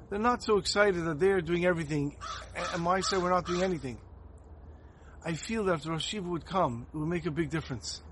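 A man giving a Torah talk as a sermon, telling a story in an earnest, animated way. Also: fairly high pitch, slight background noise.

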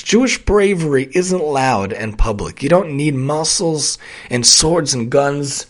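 Earnest man in his thirties, casual reflective talk, repeats himself, swings from soft to loud emphatic peaks. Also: a little high. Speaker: occupational therapist sharing reflections.

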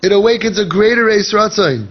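Male rabbi, lively lecturer, raspy tone, dull low-fi recording. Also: brisk. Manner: animated, acts out inner voices and dialogue; mixes Hebrew and Yiddish phrases into English. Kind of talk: Torah lecture. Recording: dull lo-fi podcast audio.

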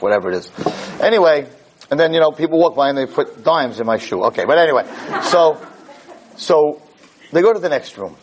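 A man giving a Jewish lecture, telling a story in an animated, digressive way. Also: mid-range voice, rough recording.

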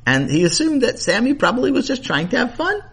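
A man telling a children's story with animated, playful narration and asides to the listener. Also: very high-pitched, fairly quick, breathy edge.

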